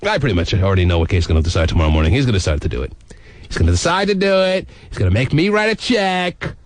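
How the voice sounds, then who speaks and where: A man hosting a morning radio talk show, teasing his guests and reading out listener texts in a wisecracking, animated way. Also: lowish voice, rapid-fire, no echo.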